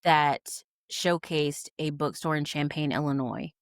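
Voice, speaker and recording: A woman in her thirties from Kentucky, a bookstore owner telling lively stories in casual chat, acting out the people she quotes. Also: low-pitched, measured pace, no echo, clean studio sound. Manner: animated, acts out quotes with voices. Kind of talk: casual storytelling.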